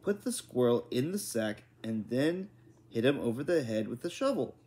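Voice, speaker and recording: A man voicing an exasperated, bossy mother who spells her words out slowly and firmly. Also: medium pitch, very animated, a little mellow, close to an everyday voice. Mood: insistent. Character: exasperated bossy mother, middle-aged woman.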